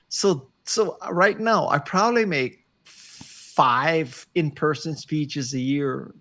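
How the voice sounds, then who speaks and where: Gravelly-voiced wry older man. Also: on the high side, takes it slowly, sharp tone. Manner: wry, self-deprecating, emphatic. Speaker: guest. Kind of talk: casual interview over video call. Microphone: video call.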